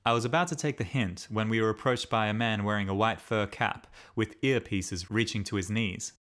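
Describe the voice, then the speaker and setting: A man narrating a diary as an audiobook in a steady, measured reading. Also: fairly low pitch.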